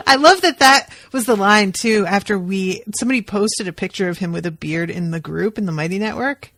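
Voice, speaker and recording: A woman talks through a show on her podcast in a loose, animated way, swearing now and then. Her voice sits in an ordinary middle pitch. The sound is close and dry, with no room in it. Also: fairly quick, few pauses, no room sound. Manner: animated, profane storytelling. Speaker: podcast co-host. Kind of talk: casual podcast chat.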